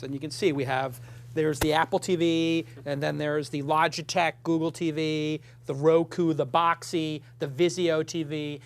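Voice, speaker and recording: A man's voice: fairly high pitch, slight background noise. A man hosting a casual studio talk show, chatty and rambling, with jokey self-deprecating asides.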